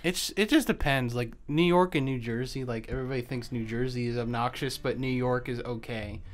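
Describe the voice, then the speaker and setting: A man's voice: medium pitch, brisk. A young man co-hosting a student podcast, laid-back and a little hesitant in casual chat. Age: young adult. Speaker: podcast co-host.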